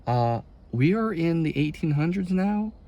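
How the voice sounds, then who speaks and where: Rambling, exasperated young man with a gravelly voice. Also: fairly high pitch, lively intonation, measured pace, mellow. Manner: rambling and exasperated, folksy turns of phrase. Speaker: college student vlogger. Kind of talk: casual confession vlog.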